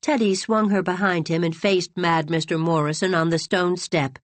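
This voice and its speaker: A woman reading a classic novel aloud with dramatic, expressive narration. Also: fairly low pitch, moderate pace, dry recording. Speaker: audiobook narrator. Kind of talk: scripted narration.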